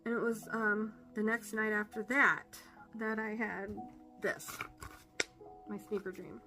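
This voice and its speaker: A woman giving an earnest personal faith testimony, halting with fillers and emotional. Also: medium pitch, level tone, over music. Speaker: testimony speaker.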